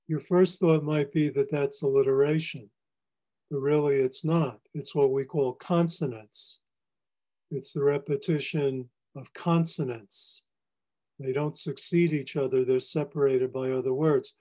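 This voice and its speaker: A poet giving a library lecture on poetry, explaining lines in a measured, teacherly way. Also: male voice, on the high side, fairly even intonation, dark tone. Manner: measured, explanatory, reads lines aloud for emphasis. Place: public library presentation.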